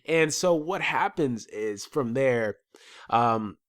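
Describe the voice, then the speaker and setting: A man's voice: mid-range voice, expressive, takes it slowly, a bit bright. A man with a stuffy nose giving a casual solo episode review, rambling and swearing freely.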